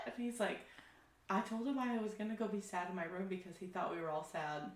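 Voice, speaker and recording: Low-voiced woman telling stories in an echoey room. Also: normal speed, a bit bright. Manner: storytelling, swearing freely, laughing. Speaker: podcast co-host. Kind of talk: casual chat. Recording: roomy echo.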